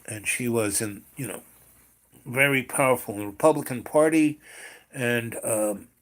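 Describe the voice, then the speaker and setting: A man's voice: medium pitch, normal speed, fairly bright tone. A man telling a long family story in casual talk, wandering off on tangents with lots of fillers and restarts. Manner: rambling, digressive, many fillers and restarts.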